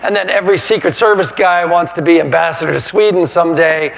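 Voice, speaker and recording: A man in his sixties, a sportswriter giving a talk, telling funny stories to a live audience in an animated way and laughing as he goes. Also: fairly high pitch, fast talker, vocal fry. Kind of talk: humorous storytelling to a live audience. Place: lecture hall. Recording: reverberant hall sound.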